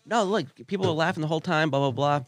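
A man's voice: on the high side, no echo. A man who does stand-up, chatting casually and filling his talk with "like". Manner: quick, filler-heavy talk full of "like". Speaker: podcast co-host and comic. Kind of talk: casual chat.

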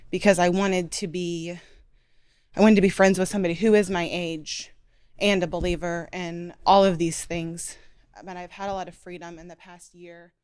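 Young woman, low-ish voice, emotional group sharing, wavering and trailing off quietly, dry sound. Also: no echo. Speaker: book group member.

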